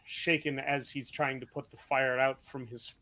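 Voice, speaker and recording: A man narrating as game master of an online tabletop game, joking and relaxed. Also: mid-range voice, normal speed.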